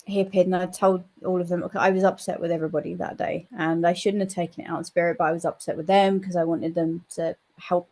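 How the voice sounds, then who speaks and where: A woman appearing as a psychic medium guest in an interview tells a story in a chatty, animated way, swearing now and then. Her voice sits on the low side.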